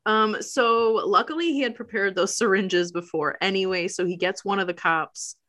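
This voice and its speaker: A woman's voice: mid-range voice, moderate pace, a bit bright. A woman co-hosting a casual chat show, recapping a film, laughing often and acting out the characters' lines. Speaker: podcast co-host.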